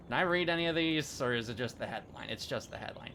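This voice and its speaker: A man's voice: medium pitch, brisk, hardly any pauses, sharp tone, slight background noise. A man casually commenting as he plays a game, chatty and muttering through menu settings. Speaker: let's play gamer.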